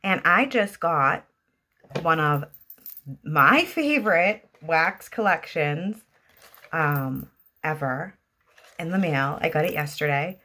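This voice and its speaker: A woman's voice: sits low, animated, slow, long pauses, bright, forceful tone. Gushing Boston-accented woman. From Boston area, US. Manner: chatty and enthusiastic, gushing. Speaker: product reviewer. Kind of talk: casual product review vlog. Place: at home.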